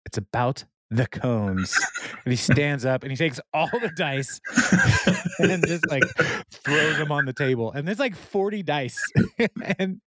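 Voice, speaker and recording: A man's voice: on the high side, animated, measured pace, a bit bright, no echo, studio quality. A young adult man casually recapping a TV episode, laughing often and retelling scenes with quoted lines. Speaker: podcast co-host.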